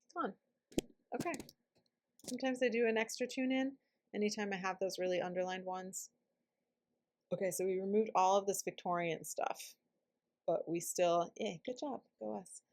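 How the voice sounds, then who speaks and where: A woman's voice: medium pitch, moderate pace, pauses often, a little mellow. A woman guiding a self-help tapping session, speaking reflectively and dropping to a whisper on some phrases. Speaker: EFT tapping practitioner.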